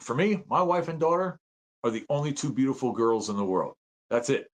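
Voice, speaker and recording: Lively animated man in his fifties. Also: medium pitch, a little fast. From United States. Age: 50s. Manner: animated, excitable, acts out quoted voices. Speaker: podcast guest, veteran and citizen journalist. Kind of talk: casual storytelling interview.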